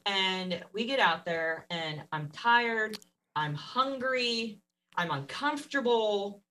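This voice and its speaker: A woman tells a personal story in a relaxed, conversational way. Her pitch stays mid-range for a woman. She laughs easily, and her voice jumps up when she acts out what other people said. She sits slightly away from the microphone. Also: takes it slowly, distant mic, low-quality recording. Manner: animated, laughs often, acts out quotes. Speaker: podcast guest. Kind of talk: casual storytelling.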